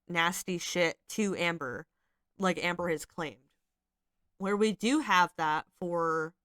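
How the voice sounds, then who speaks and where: A woman's voice: on the low side, a bit bright, dry recording, studio quality. Chatty, foul-mouthed woman commentator. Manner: chatty, swears freely, lots of "like" fillers. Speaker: commentary channel host. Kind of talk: casual commentary reading screenshots.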